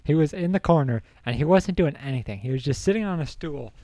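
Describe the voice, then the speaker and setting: A man's voice: fairly high pitch, lively intonation, fast talker, mellow, no echo. A young man co-hosting a podcast, telling a story in casual chat, laughing often and acting out quotes. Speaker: podcast co-host.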